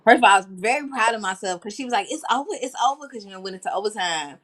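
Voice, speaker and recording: A woman's voice: mid-range voice, rapid-fire. A woman co-hosting a casual talk show, telling stories animatedly and acting out what others said. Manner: animated storyteller, acts out quotes. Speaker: co-host. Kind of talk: casual chat.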